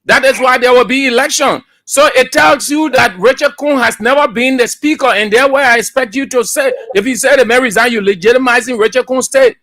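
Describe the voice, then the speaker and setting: A man's voice: very high voice, a little fast, few pauses. A man with a Liberian accent hosting a call-in radio talk show, arguing back firmly with callers. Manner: lively, laughing, argues back firmly.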